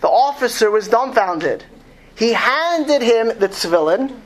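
A woman's voice: a little high, expressive, a little hiss or hum. A woman telling a dramatic true story, with frequent stumbles and restarts as she goes. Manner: dramatic, stumbling restarts, pauses to ask words.

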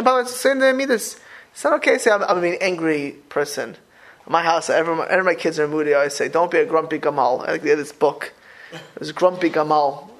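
A middle-aged man, a rabbi giving a Torah class in a lively way, often repeating words and firing off rhetorical questions. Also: on the high side, creaky.

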